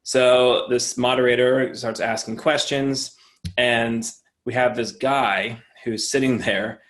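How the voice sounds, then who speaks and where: A man who works as a designer, telling a work story over a video call in an animated way, swearing freely. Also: medium pitch, takes it slowly. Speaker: designer guest. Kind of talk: casual storytelling.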